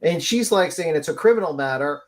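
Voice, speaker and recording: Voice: medium pitch, animated, fairly quick. A panelist on a live audio stream, talking casually and profanely with lots of fillers like "like" and "uh".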